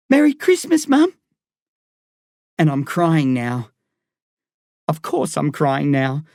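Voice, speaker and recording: Measured male audiobook narrator. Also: on the high side, darkish tone, dry recording, clean studio sound. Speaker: audiobook reader. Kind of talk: first-person novel narration.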